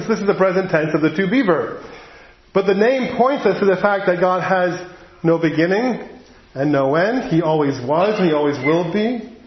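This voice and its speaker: Chatty preacher in an echoey room. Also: male voice, on the high side. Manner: conversational and animated, with asides and chuckles. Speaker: pastor. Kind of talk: sermon. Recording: echoey room, dull lo-fi sound.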